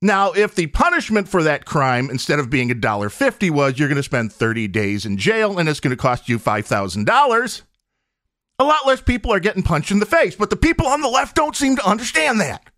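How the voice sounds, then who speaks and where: This podcast host delivers an opinionated solo monologue, pressing his views emphatically with rhetorical questions. His voice is high-pitched and sing-song, brisk and fairly bright, recorded in studio quality with no echo.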